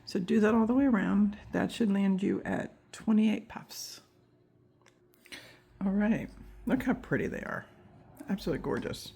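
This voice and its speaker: A woman's voice: medium pitch, animated, unhurried, gravelly, pauses often, dark tone, slight background noise. A woman teaching a crochet tutorial step by step, counting stitches aloud with chatty asides, and she has the hiccups. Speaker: crochet instructor.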